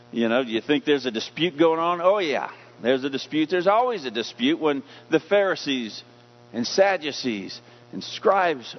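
Emphatic male pastor preaching, muffled recording. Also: mid-range voice. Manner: emphatic, asks the congregation questions. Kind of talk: sermon. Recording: dull lo-fi recording.

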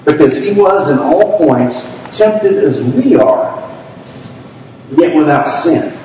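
Male pastor, sermon, reads scripture slowly, engages the congregation; far-off mic in a roomy hall. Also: medium pitch, a little hiss or hum. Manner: storytelling, asks the congregation to raise hands; slows down to read scripture aloud. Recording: distant, echoey hall, dull sound.

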